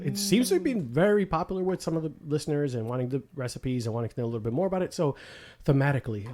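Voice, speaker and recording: Man, podcast host, animated pitch, laughs a lot, casual talk. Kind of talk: casual chat.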